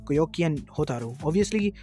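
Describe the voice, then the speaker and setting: A man's voice: on the high side, expressive, brisk, warm tone, soft background music. A man reading a fan fiction story aloud as narrator, plainly, with occasional slips and restarts.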